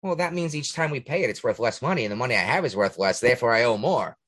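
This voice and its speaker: A man hosting a podcast, ranting in casual talk, profane and indignant, with a husky voice. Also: medium pitch, lively intonation, fast, a bit bright. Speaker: podcast host. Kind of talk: heated casual rant.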